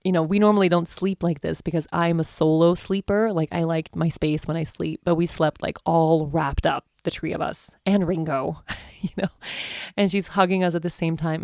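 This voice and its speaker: Woman, thirties, casual vlog storytelling, gushing and chatty, low pitch, dry close sound. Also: fairly even intonation, normal speed, a little mellow, no echo. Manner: chatty and emotional, full of "like" and "I mean". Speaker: vlogger.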